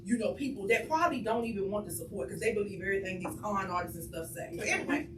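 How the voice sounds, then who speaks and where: A woman's voice: mid-range voice, fast. A woman on a panel telling a family story with humor, building each part to a punchline. She is picked up from a distance in an echoey room. Noise runs behind her. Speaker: panelist, social justice advocate. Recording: echoey room from far off, noisy.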